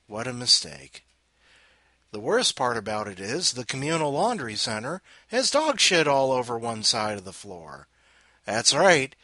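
A man's voice: mid-range voice, bright, forceful tone, no echo. A man hosting a podcast with a blunt, profane, sardonic manner, sounding sick and tired. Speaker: podcast host. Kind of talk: casual monologue.

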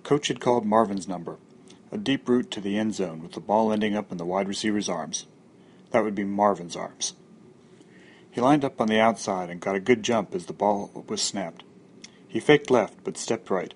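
A man reading a short story aloud in a steady, husky voice. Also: lowish voice, moderate pace, slight background noise. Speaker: story reader.

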